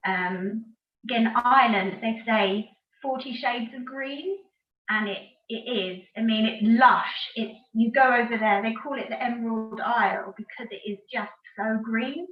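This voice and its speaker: British woman guest, higher voice, roomy and far from the mic, dull lo-fi call audio. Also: a little slow. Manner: explanatory and descriptive, with frequent ums. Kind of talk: casual interview answer. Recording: distant, echoey, dull audio.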